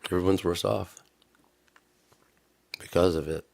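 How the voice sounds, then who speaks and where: A man chatting on a live stream about music practice, rambling and sarcastic, sometimes breaking into mock-angry yelling. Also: low-pitched, steady tone, measured pace, vocal fry.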